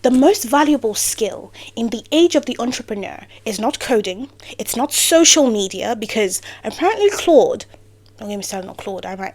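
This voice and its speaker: A woman giving a motivational talk to camera, playful and sarcastic, breaking off into rambling asides. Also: on the high side. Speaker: vlogger.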